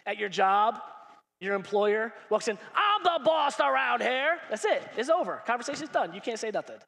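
High, bright-voiced preaching man. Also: big pitch swings, normal speed, creaky, in a large hall. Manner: preaching with acted-out dialogue, rising to shouts. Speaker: pastor. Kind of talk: sermon. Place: large church hall.

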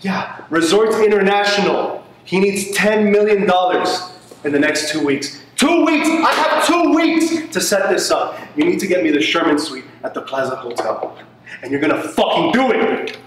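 An acting student performing a volatile, desperate young man who swings between yelling and hushed whispers in a scene. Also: sits high, normal speed, noisy background, lightly acted. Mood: frantic yelling. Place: acting studio room. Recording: very echoey room.

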